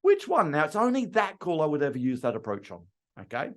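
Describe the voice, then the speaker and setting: A man's voice: a little high, fast. A middle-aged man from Australia, training car salespeople and acting out phone calls to customers. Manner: animated, acts out customer calls in quotes. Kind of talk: training talk with role-played phone calls.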